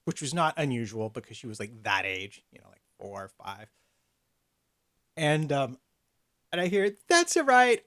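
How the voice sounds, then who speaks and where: A man chatting from home on a video call, relaxed as he tells an anecdote. He puts a lively voice on the lines he quotes. His pitch sits in an ordinary middle range. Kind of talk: casual chat. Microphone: home mic on a video call.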